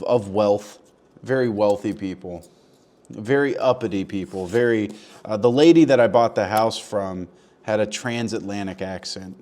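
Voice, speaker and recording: Young male comic vlogger, slightly low voice, deadpan crude rambling. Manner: crude, mock-earnest rambling with profanity. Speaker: comedy vlogger. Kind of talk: deadpan comedic monologue.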